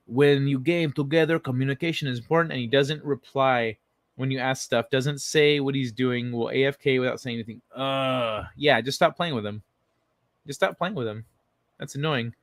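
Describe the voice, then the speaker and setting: A man's voice: mid-range voice, moderate pace, no room sound. Casual male livestream host, dry sound. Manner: loose and conversational, casual swearing, frequent fillers and restarts. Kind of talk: casual livestream chat, reading articles and chat aloud.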